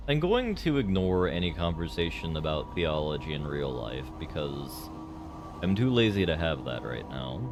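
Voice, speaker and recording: Male streamer, very deep, unhurried, rambling and filler-heavy. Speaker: game streamer. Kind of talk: casual live-stream commentary.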